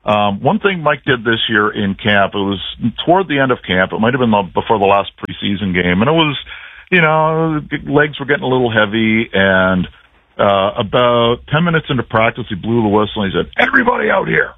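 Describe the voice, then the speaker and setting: A man's voice: lowish voice, lively intonation, brisk, no room sound. Chatty man on a dry phone line. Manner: chatty storyteller, many restarts and fillers. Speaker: team play-by-play broadcaster, radio guest. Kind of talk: casual radio interview.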